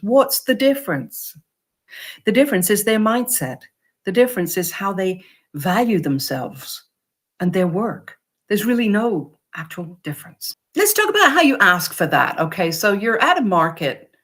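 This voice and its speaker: A woman vlogger who makes upcycled clothing, giving casual, encouraging advice to camera and acting out customers. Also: mid-range voice. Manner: encouraging, lively, acts out customer quotes.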